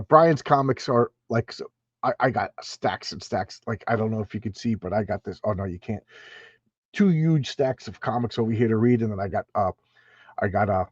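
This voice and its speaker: A man's voice: lowish voice, breathy edge, no room sound, highs cut off. A man hosting a casual livestream comic review from a room at home, talking in an emphatic, chatty way with frequent restarts. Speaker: comic book channel host.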